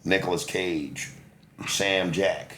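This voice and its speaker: A man's voice: deep voice, slow pace, slight background noise. A man in his forties co-hosting a casual podcast chat, telling stories with lots of swearing and acted-out quotes. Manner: animated storytelling, profane, acts out quotes. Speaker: podcast co-host.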